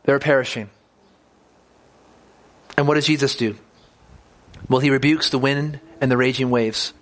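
A man's voice: mid-range voice, fairly even intonation, normal speed, a bit bright. A man preaching a sermon as a pastor, talking earnestly and often repeating words as he restarts his phrases.

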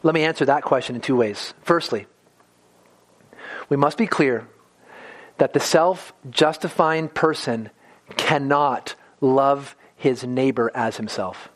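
A man's voice: medium pitch, takes it slowly. A man preaching a sermon in an earnest way, often stumbling and repeating words as he goes.

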